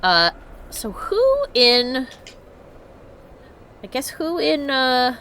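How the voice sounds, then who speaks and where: Woman let's-player, lively pitch swings, chatty and amused. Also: extremely slow, pauses often, slight background noise. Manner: chatty, laughs often, reads notes aloud. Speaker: let's play streamer. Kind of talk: casual gameplay commentary.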